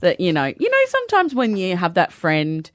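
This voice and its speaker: A young woman trades quick, dry quips with her co-host. Her voice has a lot of pitch movement. The sound is close and dry, with no room echo. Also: huge pitch swings. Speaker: radio co-host. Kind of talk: casual banter with co-host.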